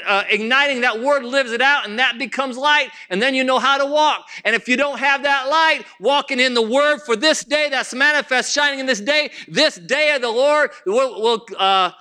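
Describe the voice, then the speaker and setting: A man's voice: very high voice, brisk, bright, forceful tone, clean tone. A man preaching a sermon to his church, with rising emphasis and frequent restarts. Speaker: pastor.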